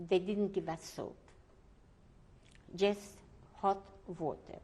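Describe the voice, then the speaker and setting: A woman's voice: on the low side, darkish tone. An older woman giving oral history testimony as a Holocaust survivor, speaking, often searching for words and restarting her sentences.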